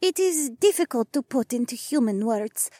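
A man voicing a female alien who speaks slowly and gravely, with broken grammar. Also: extremely high pitch, expressive, dark tone, no room sound, clean studio sound, voice pushed up. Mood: solemn. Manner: slow, measured, broken grammar. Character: solemn female alien, halting speech.

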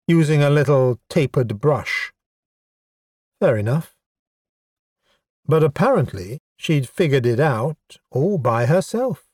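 Slow, wry male audiobook narrator. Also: medium pitch, darkish tone, dry recording, clean studio sound. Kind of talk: scripted narration.

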